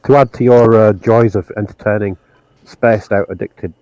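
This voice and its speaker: A man's voice: fairly low pitch, steady tone, normal speed, darkish tone. Playful man on a dull mic. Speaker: player. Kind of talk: casual tabletop play, talking in character. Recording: slightly dull, lo-fi audio.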